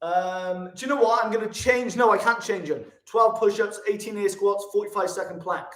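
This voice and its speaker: Chatty man with a high voice. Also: moderate pace. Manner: chatty, laughs often, says mate constantly. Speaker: live-streaming vlogger. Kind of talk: casual live-stream chat. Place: hotel room.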